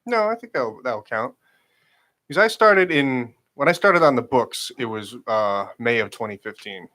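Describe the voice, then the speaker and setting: Male radio co-host, middle-pitched, halting, restarts sentences often. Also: animated, bright, forceful tone. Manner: hesitant, repeats words. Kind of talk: casual radio banter. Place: radio studio.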